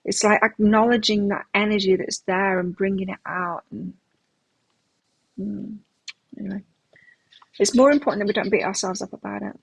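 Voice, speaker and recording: A middle-aged woman with a husky, breathy voice at an ordinary pitch chats casually between tarot readings on a live stream, rambling into anecdotes and pausing often. Her intonation stays fairly even at a normal speed, and the low-quality recording is close and dry with no echo.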